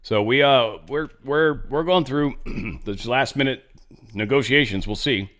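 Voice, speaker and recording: A male podcast host riffs on the news in a loose, rambling way. He jokes and keeps interrupting himself. His voice sits at an ordinary mid pitch. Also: measured pace, fairly bright tone. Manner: rambling, joking, self-interrupting. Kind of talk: casual news commentary.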